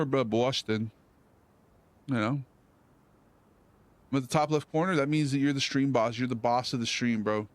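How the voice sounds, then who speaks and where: A man's voice: medium pitch, moderate pace, pauses often, dry recording. A man hosting a live stream, rambling loosely and joking in slang. His voice sits in an ordinary middle register.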